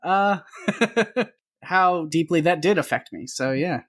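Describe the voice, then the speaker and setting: A man's voice: a little high, slow pace. Laughing man co-hosting a podcast. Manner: laughs often, easygoing. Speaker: podcast co-host. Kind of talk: casual podcast chat.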